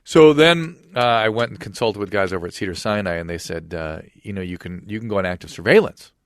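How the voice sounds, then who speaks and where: Fast-talking middle-aged man, dry close mic. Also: on the low side, dry recording. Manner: brisk, animated retelling with quoted dialogue. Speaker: podcast host and physician. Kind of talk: casual conversational storytelling.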